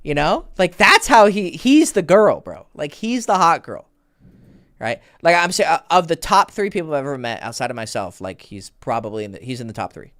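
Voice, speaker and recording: A man's voice: fairly high pitch, sing-song, moderate pace, fairly bright tone. A man talking as a dating coach in a casual livestream Q&A, rambling with lots of fillers and swearing freely. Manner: rambling, filler-heavy, profane.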